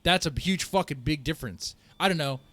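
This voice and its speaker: A man streaming a video reaction, ranting and swearing in a heated, animated way and laughing at himself. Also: fairly high pitch, a little fast, no room sound.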